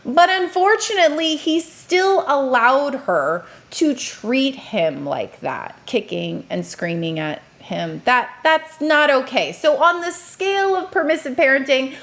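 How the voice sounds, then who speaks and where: Lively woman educator reacting on camera. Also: sits high, a little slow, hardly any pauses. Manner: animated, acts out parents' and children's lines. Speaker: educator and parenting commentator. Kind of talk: casual reaction commentary.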